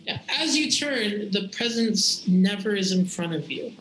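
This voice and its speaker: A game master describes a dreamlike scene in slow, vivid detail. The voice sits at a middle pitch and echoes in a roomy space, with faint music underneath. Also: lively intonation, fairly bright tone. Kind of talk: tabletop game narration. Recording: roomy echo.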